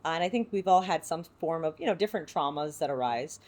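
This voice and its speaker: Low-voiced woman, heartfelt. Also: expressive, fast, darkish tone. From San Diego, United States. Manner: reflective, heartfelt, full of "you know" fillers. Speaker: actress guest. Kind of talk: podcast interview.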